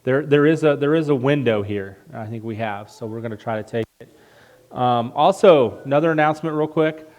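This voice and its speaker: Guy pastor doing church announcements, kinda jokey, lots of ums. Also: medium pitch. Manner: relaxed, joking, halting with many fillers. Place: church sanctuary.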